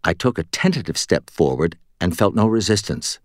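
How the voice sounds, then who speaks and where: A man reading a first-person story for an audiobook in a measured, expressive way, close to the mic. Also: low-pitched, no echo. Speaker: audiobook narrator.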